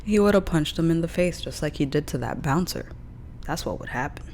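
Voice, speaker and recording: Low-voiced woman reacting on stream. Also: lively intonation, brisk, darkish tone, slight background noise. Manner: blunt, profane, wry asides. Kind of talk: casual reaction commentary.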